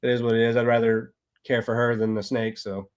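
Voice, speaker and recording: A man's voice: mid-range voice, flat delivery, a little fast, clear, resonant tone. A man from Texas with a Texan accent, a guest on a podcast, telling stories in an easygoing, rambling way with plenty of fillers. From Texas, USA. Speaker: guest, snake breeder. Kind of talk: casual podcast conversation.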